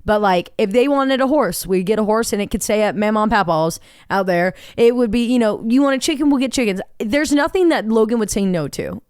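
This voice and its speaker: A woman co-hosting a podcast in casual chat, bubbly, laughing easily and bantering quickly. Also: medium pitch, animated, darkish tone, smooth, dry recording, clean studio sound. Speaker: podcast co-host.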